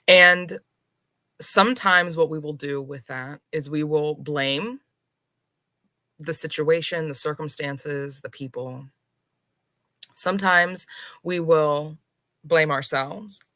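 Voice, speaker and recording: Low-voiced unhurried woman, close and dry. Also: no room sound. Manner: unhurried and reflective, with soft laughs and pauses. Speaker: spiritual teacher hosting a live stream. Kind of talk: live-streamed spiritual talk.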